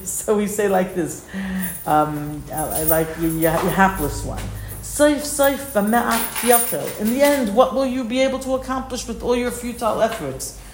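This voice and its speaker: A woman's voice: fairly low pitch, a little mellow, slight background noise. Woman teacher in an echoey classroom. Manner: reads phrases aloud then explains them plainly. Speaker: Torah teacher. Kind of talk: classroom text study lesson.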